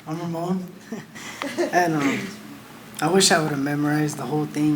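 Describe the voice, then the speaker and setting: A man's voice: on the high side, moderate pace, noisy background. A young man in his late teens, a student award winner, nervously reading a prepared speech with small laughs.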